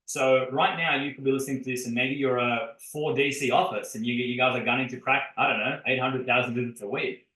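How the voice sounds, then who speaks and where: Podcast host, male, bright forceful tone, energetic storyteller, echoey room. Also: mid-range voice, fairly quick, few pauses. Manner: energetic storytelling, addresses listeners directly. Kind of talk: casual podcast chat. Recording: roomy echo.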